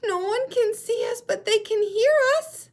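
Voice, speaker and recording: Woman putting on a squeaky little penguin chick. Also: unhurried. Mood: excited squeaky. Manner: squeaky, high and calling out. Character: tiny excited young penguin chick.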